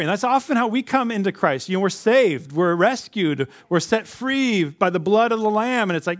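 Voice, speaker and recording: Animated conversational male pastor. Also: high voice, normal speed, hardly any pauses. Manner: conversational, acts out quoted voices, animated. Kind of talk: sermon.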